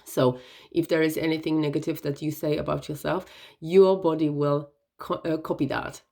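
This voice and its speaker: A woman giving an earnest, gentle self-help talk, often checking in with "right?" and "okay?". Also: deep voice, level tone, normal speed, vocal fry. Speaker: wellness vlogger.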